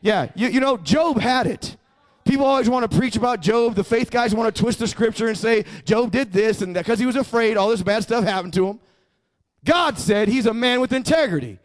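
Pastor, male, high voice, emphatic sermon delivery with call-and-response prompts to the congregation.

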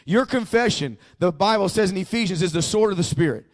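Male pastor with a high voice, emphatic sermon delivery, call-and-response. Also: lively intonation, a little fast.

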